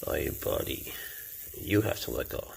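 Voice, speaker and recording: A man's voice: very deep voice, expressive, normal speed, creaky, reverberant, slight background noise. A man keeping exotic animals who talks casually and affectionately, often cooing to them. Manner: chatty and affectionate, coos to his animals. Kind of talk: casual vlog talk.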